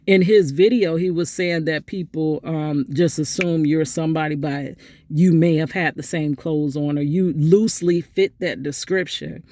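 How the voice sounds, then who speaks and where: A middle-aged woman vlogging, telling a story in a chatty, animated way and talking straight to her viewers. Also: no echo. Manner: animated, acts out quotes with big pitch jumps; chatty, addresses viewers directly. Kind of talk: casual storytelling vlog.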